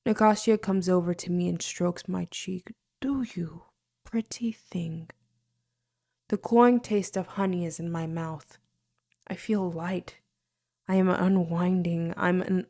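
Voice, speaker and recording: A woman reading a fantasy novel aloud in the first person, expressive, sometimes dropping to a near-whisper. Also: lowish voice, a little slow. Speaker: audiobook narrator.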